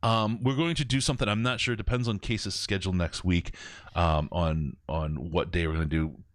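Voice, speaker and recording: A podcast host with a deep voice and steady tone runs through upcoming dates and plugs on a live sports podcast at a moderate pace. His delivery is loose, joking and rambling, full of fillers, and the studio-quality recording has no echo.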